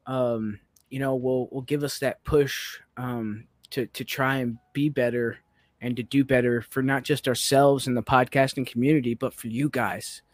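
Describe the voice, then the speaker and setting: A man's voice: medium pitch, fairly even intonation, moderate pace, no room sound, studio quality. A man co-hosting a podcast in casual chat, giggly and rambling. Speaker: podcast co-host.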